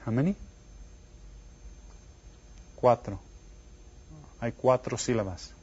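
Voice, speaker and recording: Male elementary Spanish teacher, unhurried, drills words back, dull lo-fi recording. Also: mid-range voice, dark tone, breathy edge. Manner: repeats words slowly and quizzes the listener. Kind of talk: elementary Spanish lesson for children.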